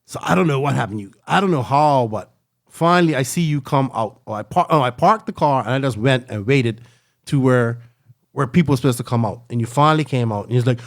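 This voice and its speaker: A man telling a long travel story in casual podcast chat, rambling and animated, tagging lines with "right?" and "like". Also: mid-range voice, fast talker.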